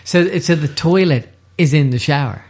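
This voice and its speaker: A man chatting casually as a guest, telling stories with emphatic, animated energy. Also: a little high, normal speed, breathy edge. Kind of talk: casual chat.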